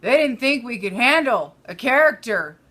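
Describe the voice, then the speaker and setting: A woman's voice: on the high side, lively intonation, moderate pace, a bit bright. A woman co-hosting a casual movie review chat, blunt and sarcastic, swearing as she rants. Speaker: podcast co-host.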